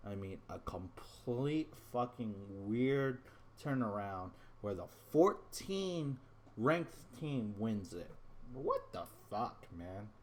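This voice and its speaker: A man's voice: mid-range voice, big pitch swings, slow pace, darkish tone, a little hiss or hum. A man ranting to his viewers in casual gameplay commentary, frustrated, swearing and rambling, calling them "boys". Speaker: gaming YouTuber.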